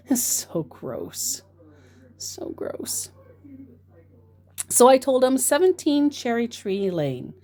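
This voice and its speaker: A woman telling stories of her chats with scammers in a casual vlog, wry and joking, with many pauses and fillers. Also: sits high, sing-song, darkish tone.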